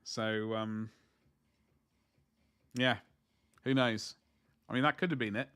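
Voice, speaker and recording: A man talking to his livestream audience while he works on miniatures. His voice is bright and his chat rambles along with joking asides and self-corrections. It sounds like an easygoing hobby stream. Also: on the low side, steady tone, takes it slowly, clean tone.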